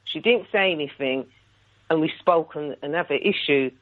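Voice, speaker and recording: A woman's voice: deep voice, moderate pace. A woman phones in to a radio talk show and tells her story with indignant energy. She acts out the other voices as she goes. The sound is thin and tinny, like a telephone line. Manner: indignant, animated retelling with quoted dialogue. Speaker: radio caller. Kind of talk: call-in story telling.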